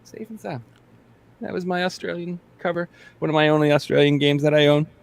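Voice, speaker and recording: A man's voice: fairly high pitch, fairly even intonation, fairly quick, creaky. A man hosting a podcast in casual chat, rambling and joking with lots of fillers and restarts. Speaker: podcast host.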